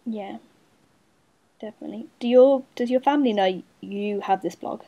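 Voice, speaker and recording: A woman's voice: medium pitch, normal speed, highs cut off. Enthusiastic woman hosting a chat. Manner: warm, encouraging, enthusiastic. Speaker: interview host. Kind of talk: casual interview talk.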